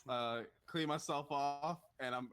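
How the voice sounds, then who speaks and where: A man's voice: fairly high pitch, measured pace, fairly bright tone, smooth, soft background music. A man playing a tabletop game, playful and stammering a little. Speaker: player. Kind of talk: casual tabletop play.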